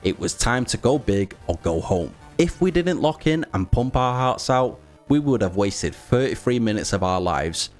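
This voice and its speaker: A man's voice: mid-range voice, expressive, normal speed, hardly any pauses, faint music behind. A man giving a scripted voice-over narration of his gameplay, in a wry, sarcastic storytelling manner. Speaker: gaming video creator.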